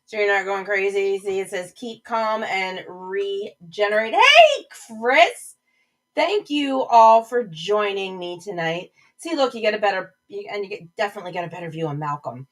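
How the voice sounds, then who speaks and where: A woman's voice: mid-range voice, normal speed, few pauses, poor audio. A woman hosting a casual livestream, chatting and rambling between topics and greeting viewers by name. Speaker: livestream host.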